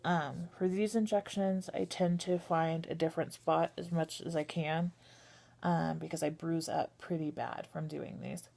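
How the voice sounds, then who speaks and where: Female vlogger, thirties; lowish, slightly gravelly voice, hesitant and candid. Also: fairly even intonation, a little slow. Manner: hesitant, many ums, soft and candid. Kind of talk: casual personal vlog.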